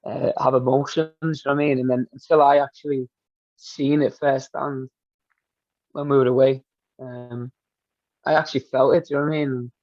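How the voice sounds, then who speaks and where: A man's voice: mid-range voice, little pitch movement, normal speed, a little mellow, no echo. A Glaswegian man, a football coach guest, speaking earnestly and from the heart in a podcast interview. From Scotland. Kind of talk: casual interview chat. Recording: dull dry lo-fi sound.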